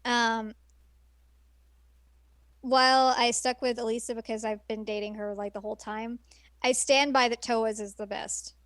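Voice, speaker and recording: A woman's voice: a little high, steady tone, measured pace, long pauses, a bit bright, no echo. A woman co-hosting a podcast, chatting eagerly and rambling with fillers. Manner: enthusiastic, rambling, laughs often. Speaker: podcast co-host. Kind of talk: casual chat.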